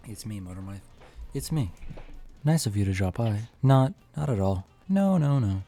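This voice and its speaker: A cocky video game character rattles on about always being on the air and everywhere around you, as a man reads his lines aloud. The voice sits a touch lower and quieter than a normal chatty speaking voice, with a mellow, dark tone. It is showy and teasing rather than fully acted. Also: lively intonation, normal speed, faint music behind. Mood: boastful. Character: boastful nonstop-talking male game character.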